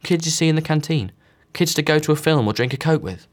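A proud, sharp-tongued teenage girl, as a man narrator puts her on, in a slightly raised voice. She speaks earnestly and stands her ground. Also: on the high side, fast talker, pitched above the performer's own voice, natural voice. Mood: indignant.

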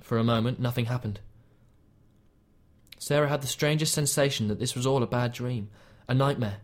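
Man narrating an audiobook, measured. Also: mid-range voice, fairly even intonation. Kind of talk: scripted narration.

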